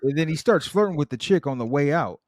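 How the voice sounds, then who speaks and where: A man co-hosting a podcast, retelling a TV episode in casual chat with lively storytelling. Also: on the high side, fast, very noisy. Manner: lively storytelling with acted-out quotes. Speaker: podcast co-host.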